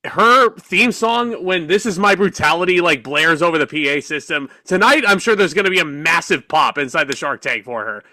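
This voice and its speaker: A man's voice: fairly high pitch, lively intonation, normal speed, hardly any pauses, sharp tone, no echo, poor audio. A young man co-hosting a podcast, chatting casually and with a bit of profanity in fan slang. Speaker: podcast co-host. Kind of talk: casual chat.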